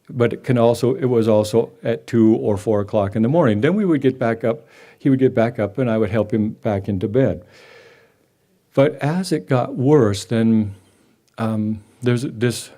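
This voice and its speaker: Older guy with a mellow voice slowly telling a story, lots of pauses and restarts. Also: medium pitch. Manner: halting, with many restarts and soft pauses. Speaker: devotee sharing a memory. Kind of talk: personal storytelling at a memorial gathering. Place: gathering hall with a live audience.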